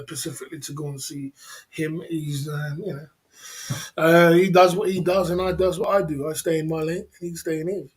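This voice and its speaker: A man hosting a casual livestream, rambling, repeating his phrases and reading out chat comments. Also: fairly high pitch. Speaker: livestream host.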